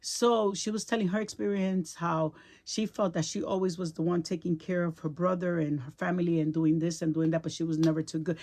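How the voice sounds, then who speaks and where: A woman's voice: fairly low pitch, fairly even intonation, brisk, hardly any pauses, a little mellow. A middle-aged woman vlogger telling a personal story to her viewers in a casual, heartfelt way, emotional and repeating words for emphasis.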